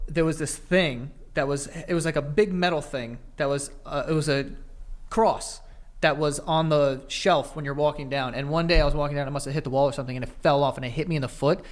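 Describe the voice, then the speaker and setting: A man's voice: on the high side, fairly even intonation, a little fast. A man in his thirties co-hosting a podcast, bantering bluntly with profanity and laughing easily. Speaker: podcast co-host.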